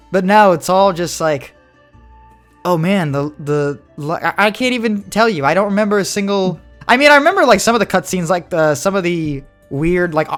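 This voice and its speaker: A young man co-hosting a podcast, chatting casually and animatedly, slipping into quick voiced impressions. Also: sits high, fairly bright tone. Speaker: podcast co-host. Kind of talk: casual chat.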